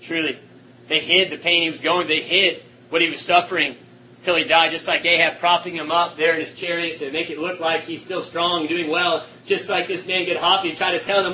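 A man preaching a sermon with passion, swinging between shouting and hushed, quiet tones. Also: on the high side, fairly even intonation, normal speed, slight background noise, poor audio.

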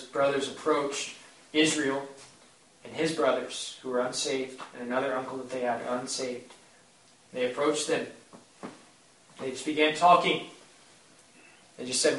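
A man's voice: medium pitch, level tone, measured pace, long pauses, a bit bright. A man preaching a sermon with impassioned, repetitive phrasing that swells in emphasis. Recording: echoey room, mic at a distance.

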